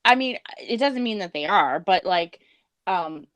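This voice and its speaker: A woman co-hosting a podcast in measured, giggly casual chat. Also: lowish voice, expressive, a bit bright, dry recording. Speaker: podcast co-host.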